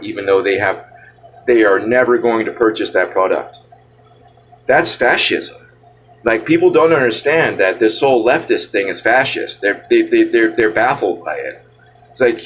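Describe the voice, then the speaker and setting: Male vlogger, nasal tone, a bit low-pitched; casual rambling complaint, lots of restarts. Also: slight background noise. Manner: rambling, stammering, irritated. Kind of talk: casual rant to camera.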